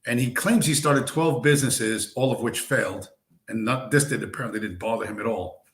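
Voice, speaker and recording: A man's voice: medium pitch, brisk, fairly bright tone. A man hosting a casual live stream, telling a long story in a rambling, profane way, full of fillers and asides. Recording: roomy echo.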